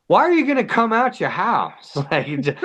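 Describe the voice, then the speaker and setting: A man's voice: high voice, normal speed, slightly rough. A man telling a wild story as a podcast guest, casual and profane, with "like" in almost every line. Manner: animated, profane, heavy use of "like".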